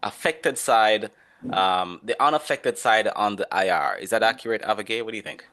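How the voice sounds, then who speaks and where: A man's voice: lowish voice, normal speed, pushed and bright. A man teaching an online class, explaining and calling on students by name in a casual, conversational way. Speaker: instructor.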